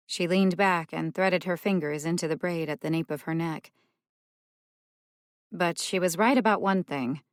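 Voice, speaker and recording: Woman reading an audiobook, calm steady narration, lowish voice, dry close sound. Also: moderate pace, clean tone, no echo. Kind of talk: scripted narration.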